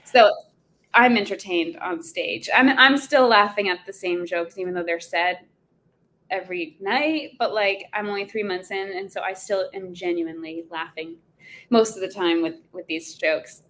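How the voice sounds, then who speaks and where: A woman's voice: medium pitch, moderate pace, fairly bright tone. A young woman chatting casually on a podcast, telling travel stories and laughing often. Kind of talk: casual chat.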